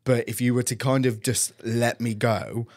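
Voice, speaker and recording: A man's voice: medium pitch, fairly even intonation, moderate pace, a little mellow. Guy hosting a podcast, casual chat, lots of self-deprecating laughs. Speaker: podcast host.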